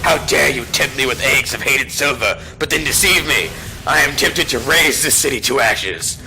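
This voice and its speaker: A man voicing an arrogant ancient male demon lord, slow and menacing, reading game dialogue aloud. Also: medium pitch, lively intonation, pushed and bright, a little hiss or hum, poor audio.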